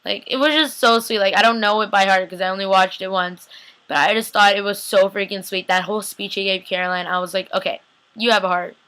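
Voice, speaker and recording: A young woman vlogs a casual TV episode recap, gushing and chatty, slipping into bits of character voices to act out their lines. She speaks a little fast in a medium-pitched, slightly bright voice with fairly even intonation.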